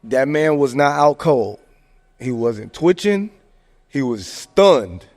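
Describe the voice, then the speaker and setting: A man hosting a podcast, giving casual sports commentary in a slangy, animated rant full of fillers. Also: medium pitch, takes it slowly, faint music behind. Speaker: podcast host. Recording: long echoing reverb.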